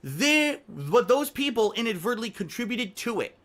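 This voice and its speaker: A man with a high-pitched, sharp and forceful voice delivers an indignant rant straight to camera. He hammers his points home by repeating whole phrases, his speech swelling with grievance. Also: big pitch swings, moderate pace. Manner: emphatic, repetitive, indignant. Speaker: content creator. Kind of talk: emotional ranting speech to camera.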